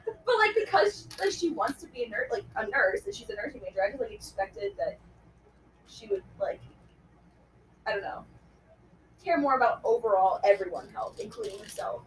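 A woman's voice: a little high, big pitch swings, moderate pace, far from the mic, a little hiss or hum, low-quality recording. A young woman leading a casual group chat, giggly and rambling with many fillers. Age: young adult. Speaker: group discussion leader.

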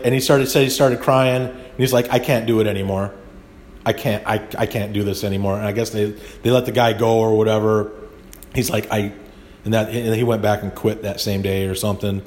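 A man hosting a podcast, talking in a rambling, indignant monologue full of restarts. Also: mid-range voice. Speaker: podcast host. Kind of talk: casual monologue.

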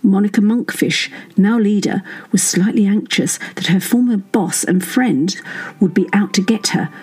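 Breathy woman reading a funny political story, dry wry delivery. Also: medium pitch, moderate pace, darkish tone, poor audio. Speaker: narrator. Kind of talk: reading a satirical serial story aloud.

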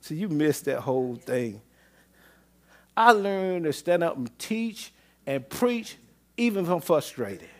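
A man preaching a sermon as pastor, swinging between loud exclamations and low murmurs, with repeated call-outs to the congregation. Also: big pitch swings, slow pace, long pauses. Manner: repetitive call-and-response phrasing.

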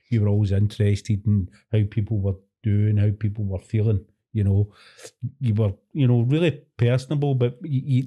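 A man's voice: fairly low pitch, mellow. A man hosting a casual chat, talking in a rambling way with many fillers.

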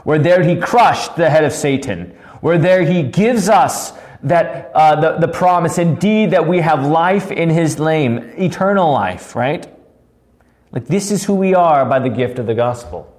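A pastor leads a devotional Bible teaching in a fairly high, lively voice that swoops up and down. He keeps asking rhetorical questions, tags his points with "right?", and hammers key words home. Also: a little slow. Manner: asks frequent rhetorical questions, tagging 'right?'; earnest, repeats key words for emphasis.

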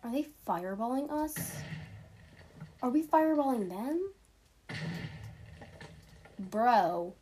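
This teenage streamer's voice is a little high, expressive, and warm; she talks slowly and pauses often over slight background noise. She chats casually about her gameplay, giggling and teasing herself.

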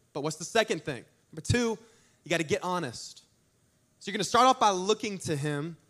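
A young man, a youth pastor preaching a sermon in a conversational, storytelling way with lively emphasis. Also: sits high.

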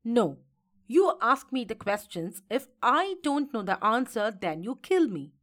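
A woman's voice: fairly high pitch, very animated, unhurried, a bit bright. A woman voicing a brave, tenacious young boy in a storybook reading, speaking earnestly.

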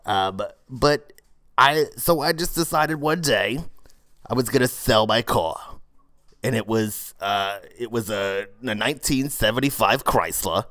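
A man's voice: medium pitch, unhurried, fairly bright tone, dry recording, natural voice. A man improvising as a brash fortyish woman who runs a failing cold-yoga studio, rambling with lots of "uh" and "you know" and talking crudely and matter-of-factly. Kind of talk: improvised comedy monologue.

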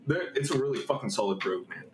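A man's voice: medium pitch, lively intonation, quick pace, crowd noise. A young man hosting a casual podcast, swearing often and laughing as he tells stories. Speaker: podcast host. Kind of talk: casual chat. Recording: echoey room with faint noise.

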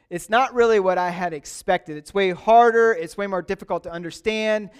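A man's voice: high voice, moderate pace, few pauses, clean tone. A male pastor giving a casual, conversational sermon, chatty with many restarts and questions to people in the room. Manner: chatty, with frequent restarts and "like", asks congregants questions by name.

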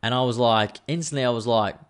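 A man's voice: medium pitch, fast, clear, resonant tone. A man, hosting a casual solo podcast, chatty and rambling, swearing freely. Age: 30s. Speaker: podcast host.

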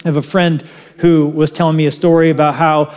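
Animated preaching man, slightly high voice. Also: brisk. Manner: animated, conversational preaching with asides. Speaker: pastor. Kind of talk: sermon.

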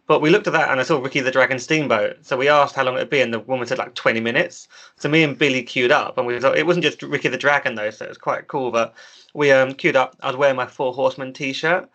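A man's voice: mid-range voice, quick pace, fairly bright tone, muffled recording. A man eagerly retelling a story in a casual chat. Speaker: podcast co-host.

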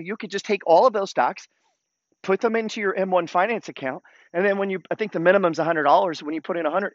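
A man's voice: high voice, no room sound, highs cut off. A man hosting a casual investing talk, blunt and coach-like, swearing freely as he urges listeners on. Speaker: host.

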